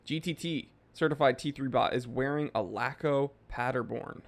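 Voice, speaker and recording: A man's voice: medium pitch, moderate pace, vocal fry. A man in his thirties hosting a livestream, casually reading viewer comments aloud and joking with the chat. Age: 30s. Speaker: livestream host.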